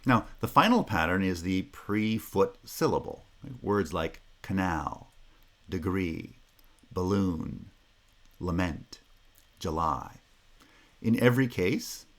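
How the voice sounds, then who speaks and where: A North American man delivers a university lecture in a low, steady voice. He explains patiently, working through examples one by one and pausing with an occasional "uh.". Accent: North American English. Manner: measured, explanatory, pauses with "uh". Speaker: linguistics lecturer.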